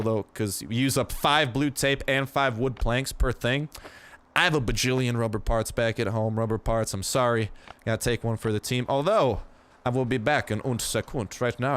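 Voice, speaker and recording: A man's voice: medium pitch, a bit bright, clear, resonant tone. A young man giving casual, slangy gameplay commentary, chatty and full of jokey asides.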